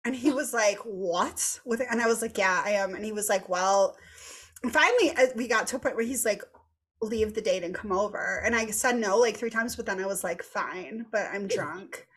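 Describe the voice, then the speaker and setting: An animated woman in her thirties tells a story on a casual podcast. Her voice sits a little high. She laughs often and swears freely as she talks. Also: fairly quick, husky. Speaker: podcast host.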